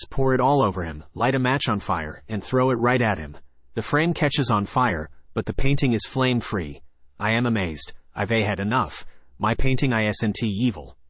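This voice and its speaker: A man reading a first-person horror story in a plain, even narration. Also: lowish voice, no room sound.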